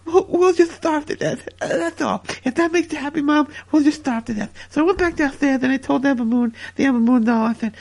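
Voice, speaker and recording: Woman podcast host, high voice, gravelly fry, stammering, repeats words, rambling comic chat. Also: fairly quick, hardly any pauses, darkish tone. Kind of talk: rambling comedic parody chat.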